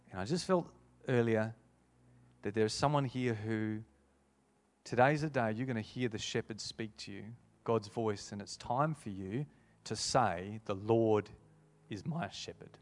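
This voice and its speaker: A man with a somewhat low voice preaches an altar call to a congregation. He is earnest and repeats his key phrases. He slows down when he quotes scripture.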